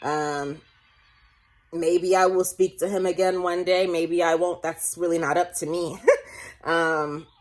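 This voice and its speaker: A woman in her late twenties with a slightly low voice, speaking to camera in a personal vlog. She talks in a loose, rambling way, restarting her sentences often and breaking into laughs. Now and then her voice wavers close to tears. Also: flat delivery, slow pace. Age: late 20s. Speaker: vlogger.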